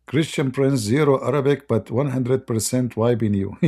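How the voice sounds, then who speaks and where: Male stream host, dark gravelly tone, mocking and rambling, voice going. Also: mid-range voice, moderate pace. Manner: mocking, rambling, laughs often. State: losing his voice. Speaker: live-stream debate host. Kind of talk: casual live-stream chat.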